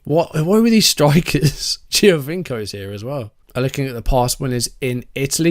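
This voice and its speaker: A man's voice: mid-range voice, very animated, moderate pace, hardly any pauses. A man giving casual game commentary, musing aloud as he reviews results and reacts with easy surprise. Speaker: gaming YouTuber.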